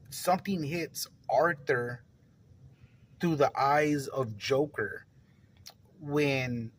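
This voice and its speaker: Husky guy rambling through a movie review, lots of ums, laughs and cussing, slow. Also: fairly high pitch, fairly bright tone, low-quality recording. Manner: rambling, many fillers and restarts, laughs often, swears. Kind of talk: casual spoken film review.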